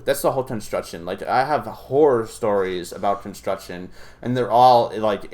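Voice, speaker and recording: A man's voice: low-pitched, a little mellow. Profane, rambling young male reaction host. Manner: profane and rambling, full of fillers and restarts. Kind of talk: casual ranting commentary.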